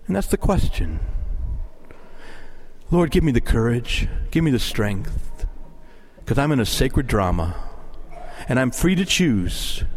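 A man preaching a sermon, animated and pleading as he moves between teaching and prayer. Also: medium pitch, a little hiss or hum. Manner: lively, rising to impassioned pleading in prayer. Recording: long hall reverb.

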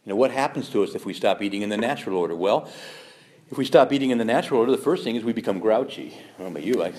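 Man, catholic parish talk, animated, rhetorical questions, folksy humor, swooping expressive pitch. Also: racing. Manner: animated, rhetorical questions, acts out quoted objections. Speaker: Catholic speaker.

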